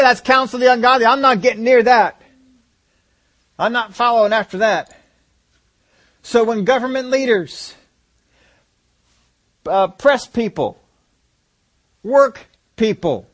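High-voiced guy preaching, lots of rhetorical questions, really emphatic. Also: fairly bright tone. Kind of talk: sermon.

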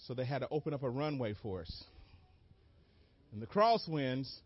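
A man preaching a sermon as an animated story, acting out moments with sudden shouted cries and laughing along. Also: medium pitch, normal speed, slightly rough, dry recording. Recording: dull lo-fi dry recording.

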